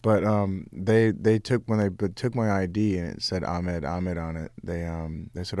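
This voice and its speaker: Deep-voiced comic telling airport jokes. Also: male voice, no room sound, studio quality. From United States. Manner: animated, quick to laugh, restarts. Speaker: stand-up comic guest. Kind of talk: casual interview, telling jokes from his act.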